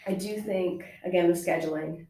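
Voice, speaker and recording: A young woman talks casually with a student group, stringing thoughts together with fillers and laughing asides. Her voice sits a little low. The room around her is echoey. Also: fairly even intonation, normal speed, creaky, mellow, a little hiss or hum. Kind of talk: casual chat.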